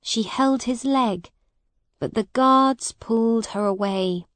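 Very slow woman storybook narrator. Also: a little high, fairly bright tone, no room sound. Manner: slow, clear, simple graded-reader reading.

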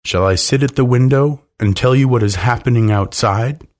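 A man voicing a curious, excited young boy. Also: medium pitch, normal speed, pitched above the performer's own voice, close to an everyday voice. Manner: excited, inquisitive.

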